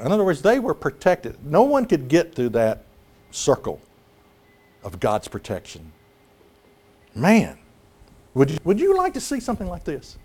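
A man preaching a sermon, animated and dramatic, acting out scripture scenes as he talks. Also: on the high side, normal speed.

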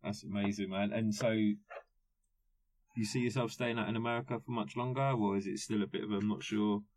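A man's voice: fairly low pitch, fairly even intonation, moderate pace, darkish tone, no echo. A man hosting a podcast, chiming in with short encouraging remarks and questions in casual chat. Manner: encouraging, short agreeing interjections. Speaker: podcast host.

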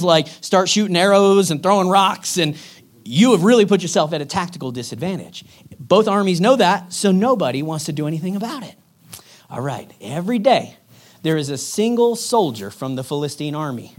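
A man preaching in a lively storytelling way, energetic and slangy. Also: sits high.

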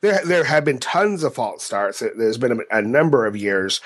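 A man co-hosting a podcast in casual chat, halting and often repeating his words as he talks. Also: medium pitch, very animated, fairly bright tone. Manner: halting, with frequent word repeats. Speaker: podcast co-host.

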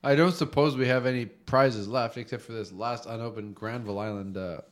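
A man's voice: medium pitch, a little fast. A man co-hosting a casual podcast, telling stories and joking with friends. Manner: animated storyteller, jokey. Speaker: podcast co-host. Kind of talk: casual banter.

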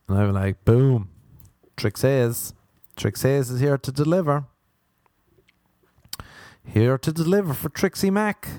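An Irish man spins loose, self-mocking comic stories, circling back on his own words for laughs. His voice is mellow and on the darker side, recorded close and dry. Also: fairly low pitch, no echo. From Ireland. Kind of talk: rambling comic storytelling.

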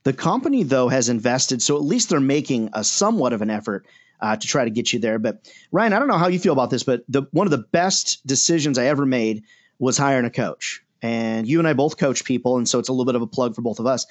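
A man's voice: mid-range voice, lively intonation, quick pace. A man hosting a sales podcast, upbeat and chatty, with lots of "uh" fillers. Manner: enthusiastic, chatty, many "uh" fillers. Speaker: podcast host and sales coach. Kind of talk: casual podcast talk.

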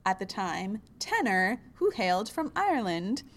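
A woman's voice: medium pitch, very animated, a little slow. A woman co-hosting a chat podcast, cheerful and explanatory, often giggling as she sets up the topic. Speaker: podcast co-host. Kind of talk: casual chat, introducing the topic.

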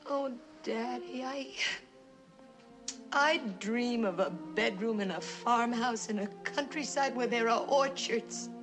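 A high, tearful young woman in a stagey old film. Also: slow, over music. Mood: haunted. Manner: tearful, melodramatic monologue. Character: distraught young woman reliving buried childhood terror. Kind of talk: 1950s stagey film acting.

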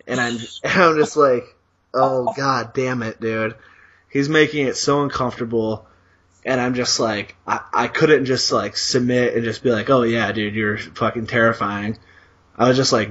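A man's voice: mid-range voice, moderate pace, a bit bright, muffled recording. A man co-hosting a podcast, telling a long story in a rambling, profane way with lots of fillers. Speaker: podcast co-host. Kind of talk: casual storytelling.

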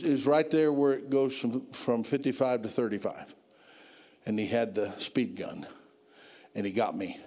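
A man preaching a sermon, telling stories and building from low, quiet passages to loud, drawn-out climaxes. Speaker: pastor. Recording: long reverb of a hall.

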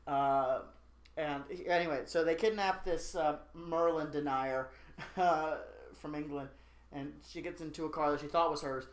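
A podcast co-host in casual chat, recapping a movie plot in a rambling, joking way with lots of fillers and quick asides. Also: mid-range voice, fairly even intonation. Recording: roomy echo.

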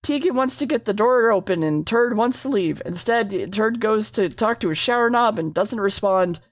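A woman's voice: medium pitch, animated, normal speed, no echo. A woman casually recapping a TV episode, rambling, swearing freely and correcting herself as she goes.

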